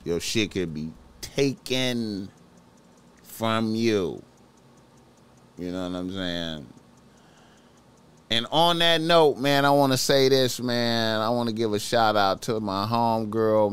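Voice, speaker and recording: Podcast host, male, low smooth voice, unhurried, slangy profane sermonizing to the audience. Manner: slangy, profane, preachy, repeats himself. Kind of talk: casual podcast monologue.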